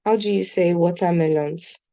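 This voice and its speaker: A woman's voice: fairly low pitch, fairly even intonation, normal speed, darkish tone, no room sound, poor audio. A woman with a Nigerian accent teaching a beginner German class, patiently repeating words for her students. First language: Nigerian English speaker.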